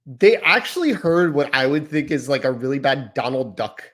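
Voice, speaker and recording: A man's voice: medium pitch, very animated, normal speed, a bit bright. Chatty male podcast host. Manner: chatty, rambling, self-deprecating. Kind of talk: casual podcast chat.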